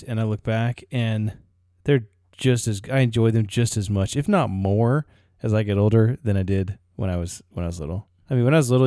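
A man's voice: on the low side, dark tone, no echo, clean studio sound. Reflective male podcast co-host. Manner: reflective, halting restarts. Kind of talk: casual chat.

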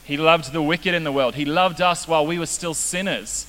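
A man's voice: a little high, moderate pace, bright, forceful tone. A young man preaching a casual, joking sermon as a youth pastor. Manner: casual, joking, self-deprecating. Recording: reverberant hall with faint hiss.

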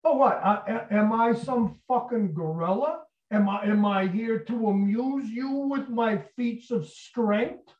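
A huge young man bellows in a raised, strained voice, cursing without pause, as a man acts him out while telling the story. The sound is distant and roomy, with a dull, muffled edge. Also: high voice, pitched above the performer's own voice. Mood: furious. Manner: shouting, swearing. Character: huge furious young man yelling from the shower.

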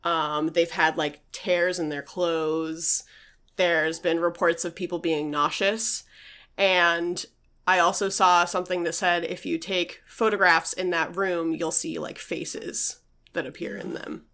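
A woman's voice: fairly low pitch, steady tone, slow pace, a bit bright. A woman co-hosting a podcast, casually telling a ghost story with lots of fillers. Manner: chatty, uses many fillers, reads out quotes. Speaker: podcast co-host.

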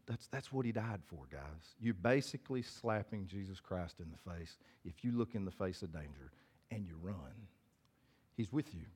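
The man's voice sits on the low side and has a slightly mellow quality. As a pastor giving a relaxed, direct sermon, he reads from scripture and then walks listeners through its meaning.

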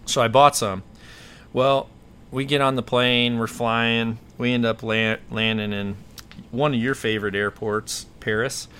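Man, podcast host, bright forceful voice, casual rambling storytelling. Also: mid-range voice, fairly even intonation, a little slow, clean tone. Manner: rambling, self-correcting, laughs at his own story.

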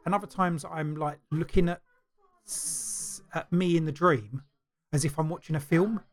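A man talks loosely in a podcast conversation, his voice sitting a touch high for a man. He tells stories in a rambling way, stopping and restarting as he goes. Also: normal speed. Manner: rambling, stop-start storytelling. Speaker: podcast co-host. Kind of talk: casual chat.

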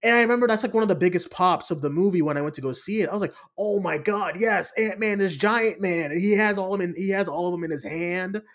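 A man co-hosting a podcast in casual pop-culture chat, animated and swearing, often laughing as he retells scenes. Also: high voice, very fast, few pauses. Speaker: podcast co-host.

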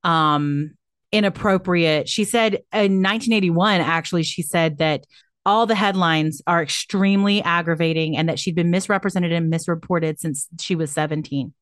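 Low-voiced woman telling a history story. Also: moderate pace, no echo, studio quality. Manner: storytelling, leads the retelling with frequent "um" and "I mean". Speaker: podcast co-host. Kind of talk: casual history chat.

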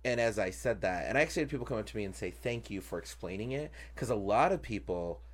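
A man with a very low, deep voice hosts a casual podcast chat. He talks freely with lots of "um"s and laughs often as he goes. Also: expressive, racing. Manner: chatty, many fillers, laughs often. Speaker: podcast host and drag performer.

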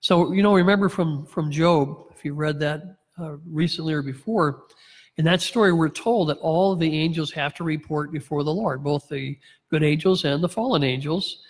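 Male pastor, sermon delivery, slightly high voice, sarcastic wit, reverberant hall. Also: moderate pace. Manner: reads scripture aloud, plays characters' lines with wry sarcasm and chuckles.

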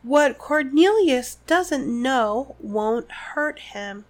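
A woman's voice: high-pitched, animated, extremely slow, heavily acted. A woman reading a sugary, menacing woman official's lines from a book, prim and falsely sweet.

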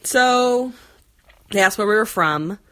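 A woman's voice: medium pitch, lively intonation, slow pace, fairly bright tone. A woman in her forties telling a rambling, chatty story, full of fillers, with frequent laughs. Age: 40s. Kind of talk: casual storytelling chat.

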